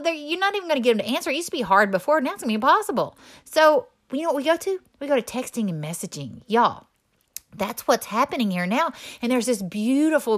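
Woman, middle-aged, chatty coach, lively pitch swings. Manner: chatty, energetic, folksy. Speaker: network marketing coach. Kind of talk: motivational talk to camera.

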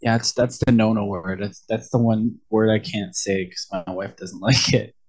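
A married man, a guest on a podcast, chatting in a relaxed way and laughing easily. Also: lowish voice, normal speed, slightly rough. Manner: laid-back, easily amused. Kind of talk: casual chat.

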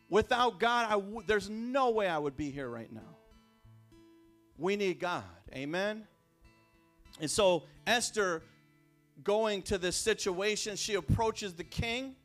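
A man preaching a sermon as pastor, talking in a conversational way with repeated phrases and restarts, dropping quiet and then rising loud. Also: sits high, lively intonation, slow, pauses often, soft background music. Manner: swings between hushed and raised. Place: church sanctuary.

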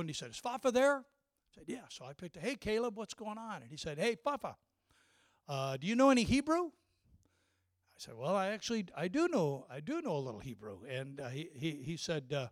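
A man's voice: a little high, no room sound, clean studio sound. An older man, a grandfather, preaching a sermon in a storytelling way, often repeating and restarting his words. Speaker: pastor.

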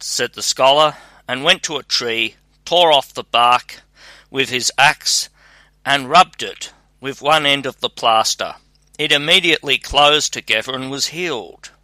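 A male audiobook narrator reading a fairy tale at an unhurried, deliberate pace. His voice is very bright and sharp, and the recording is dry and close with no room echo. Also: medium pitch. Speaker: audiobook reader. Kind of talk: scripted storybook narration.

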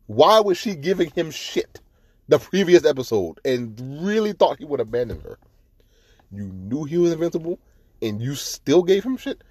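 Male podcast host, casual profane rant, mellow timbre, dry close mic. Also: a little high, husky, no room sound. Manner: profane, ranting, growing heated. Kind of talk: casual review chat.

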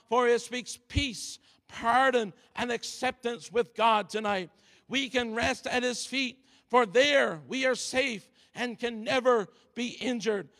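A man preaching a sermon in a slow, deliberate cadence. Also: very high voice, vocal fry, a bit bright. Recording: long reverb of a large hall.

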